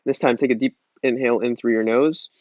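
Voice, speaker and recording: A man's voice: medium pitch, fairly quick, no room sound, lo-fi sound. Laid-back man leading a breathing lesson. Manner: relaxed and chatty, jokes around, restarts often. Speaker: yoga teacher. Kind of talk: casual guided breathing lesson.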